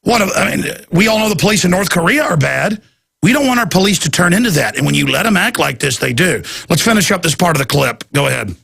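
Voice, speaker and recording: A man hosting talk radio, commenting loudly and mockingly on a played video clip. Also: high voice, animated, quick pace, creaky, husky. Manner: mocking, loud, jumps into put-on voices. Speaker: radio host.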